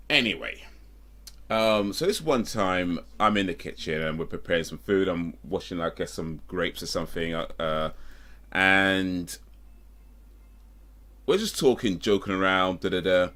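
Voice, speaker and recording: A man's voice: low-pitched, a bit bright. A man, streaming and casually telling a rambling story, often correcting himself and breaking off with asides. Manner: rambling, self-correcting, with frequent fillers and asides.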